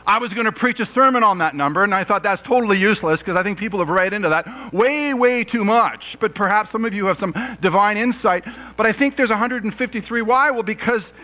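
A man's voice: sits high, brisk, few pauses, pushed and bright. A man, a pastor, preaching a sermon in a conversational way, with jokes and rhetorical questions to the congregation.

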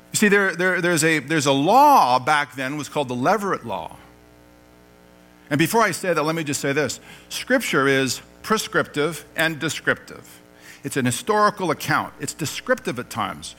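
A man preaching a sermon in a church, animated and joking, laughing at his own lines as he reads the passage aloud. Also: on the high side, normal speed, soft background music, low-quality recording. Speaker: pastor.

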